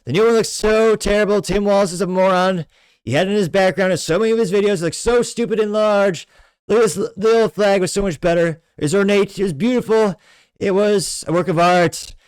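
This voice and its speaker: A man putting on an impression of a blustering older male politician, loud, boastful and insulting. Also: high voice, a little fast, smooth, no echo, voice pushed up, close to an everyday voice, low-quality recording.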